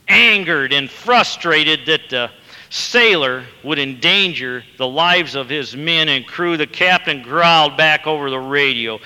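A male preacher speaks slowly in a bright, forceful voice and tells a story, rising to emphatic bursts. His slightly high voice carries a long hall reverb. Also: lively intonation, clean tone. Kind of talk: sermon.

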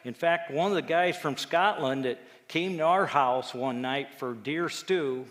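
A man, a lay preacher telling a personal testimony story, acting out quotes with lively jumps in his voice. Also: on the high side, unhurried. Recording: echoey hall with long reverb.

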